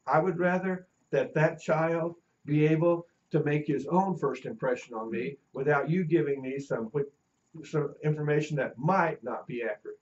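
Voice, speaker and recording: A man's voice: on the high side, moderate pace, dull audio. A middle-aged man teaching a class, telling anecdotes and acting out the voices of people in his stories. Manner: storytelling, acts out quoted voices. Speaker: teacher educator.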